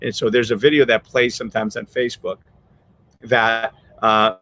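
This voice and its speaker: A podcast host with a fairly low-pitched voice speaks at a moderate pace in a flat delivery that sounds pushed and bright. He tells a story in casual chat, rambling earnestly with many restarts and choked up with emotion.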